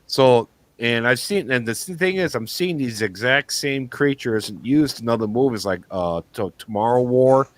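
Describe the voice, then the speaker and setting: A man's voice: medium pitch, animated, normal speed, hardly any pauses, no echo. A man co-hosting a talk show, telling a story in a rambling way with many restarts. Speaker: co-host. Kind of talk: casual chat.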